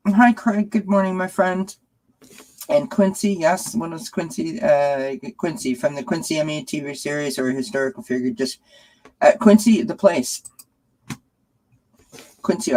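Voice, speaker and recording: A woman's voice: deep voice, a little slow, long pauses, a little mellow, rough recording. Woman, 40s, live stream host, home, chatty, filler-heavy, coos at her pets. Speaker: tarot channel host.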